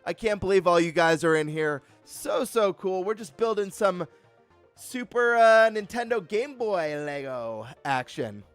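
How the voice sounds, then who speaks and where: A man hosting a live stream, chatting casually and greeting viewers with excited energy. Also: sits high, a little slow, clear, resonant tone, faint music behind.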